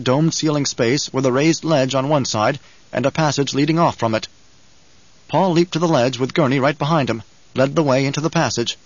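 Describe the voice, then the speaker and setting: A man reading scripted audiobook narration in a measured, dramatic way. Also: medium pitch, no room sound, muffled recording.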